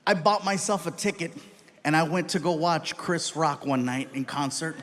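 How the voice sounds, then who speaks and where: High-voiced, animated male stand-up comic. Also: moderate pace, a little hiss or hum. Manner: animated storytelling with acted-out voices and bursts of shouting. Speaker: stand-up comedian. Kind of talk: stand-up comedy routine. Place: live comedy stage.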